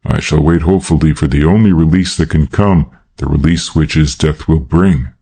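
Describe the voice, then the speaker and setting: An earnest young man pleading with passion in a classic crime audiobook, as a male narrator plays him. His voice is very deep and dark, with a husky edge. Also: normal speed, heavily acted.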